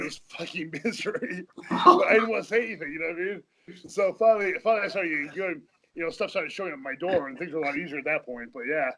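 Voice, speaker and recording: A man's voice: a little high, bright, forceful tone, slight background noise, rough recording. A man telling rambling, profane stories as a guest in a casual interview, often laughing mid-sentence. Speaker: podcast guest.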